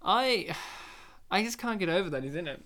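A man's voice: high-pitched, animated, moderate pace, sharp tone. Podcast co-host, male, loose and jokey, swears and laughs a lot. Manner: joking, swearing, laughing often. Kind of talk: casual film commentary chat.

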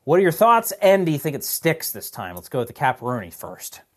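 A man's voice: a little high, wildly swooping pitch, fairly quick, fairly bright tone. A man hosting a casual sports podcast, joking and asking the panel playful questions. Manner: jokey, asks playful questions. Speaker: host.

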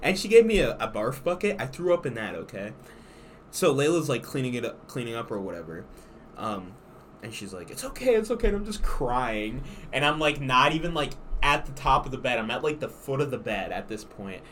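A young man spins a long, rambling story in loose podcast chat, with plenty of slang and swearing. His pitch sits in an ordinary middle range. A faint hiss of noise runs under his voice. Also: animated, normal speed, fairly bright tone. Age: young adult. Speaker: podcast host. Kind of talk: casual chat.

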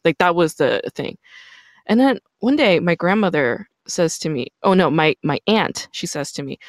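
A woman's voice: on the low side, normal speed, no room sound. Podcast host lady, blunt and sweary, dry close mic, storytelling w/ energy. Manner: candid, swears freely, animated storytelling. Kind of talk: casual conversational interview.

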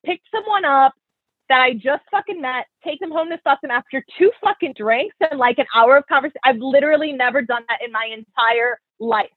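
A young woman hosting a casual chat, telling a story in an animated, profane way and acting out what others said. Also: high-pitched, fairly quick, breathy edge, no room sound. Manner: animated, profane, quotes people in her stories. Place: New York. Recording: tinny phone-like audio.

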